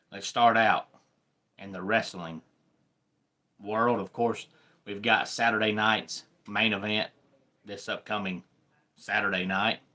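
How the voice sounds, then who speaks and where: A man with a Southern accent hosting a live sports talk stream, chatting with viewers in an unhurried way. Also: on the low side, sharp tone. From American South. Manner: unhurried, greets viewers by name.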